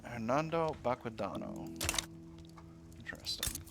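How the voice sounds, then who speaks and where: A man's voice: medium pitch, sing-song, a little slow, vocal fry, over music. A man casually commentating his own strategy gameplay, thinking aloud with fillers and playful asides to himself. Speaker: strategy game let's player.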